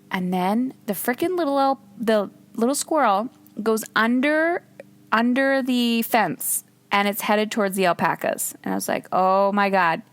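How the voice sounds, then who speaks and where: A woman podcast host telling a personal story in a casual way. She jumps high when she quotes her own exclamations and swears freely. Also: no echo.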